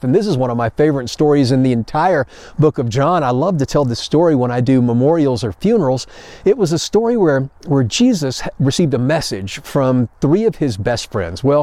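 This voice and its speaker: A man's voice: medium pitch, dark tone, no room sound. A man pastor preaching a sermon in a conversational storytelling way, acting out paraphrased quotes.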